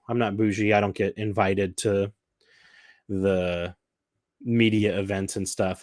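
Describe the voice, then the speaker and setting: Lowish, dry-voiced chatty man. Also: dry recording. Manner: chatty and enthusiastic, rambling with fillers. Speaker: cruise vlogger. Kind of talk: casual chat.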